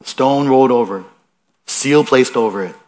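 A man's voice: mid-range voice, moderate pace, darkish tone. Guy preaching a sermon, chatty, asks the room questions, lifts his voice reading scripture. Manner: conversational, asks the listeners questions, restarts often; reads scripture aloud with rising emphasis.

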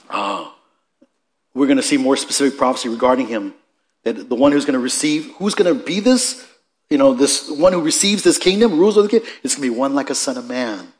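A man of middle pitch teaching a Bible study. He talks conversationally, restarting phrases and adding asides. His voice rises for emphasis and then drops to quiet remarks.

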